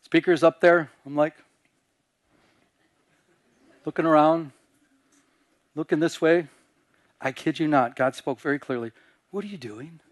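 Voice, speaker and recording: A male pastor preaching a sermon, animated, acting out scenes in quieter voices. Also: a little high, moderate pace, pauses often, dry recording. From Michigan.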